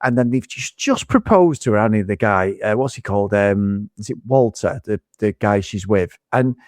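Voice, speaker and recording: A man's voice: lowish voice, animated, moderate pace, no echo, clean studio sound. A man in casual film review chat, ranting with lots of swearing as a podcast co-host.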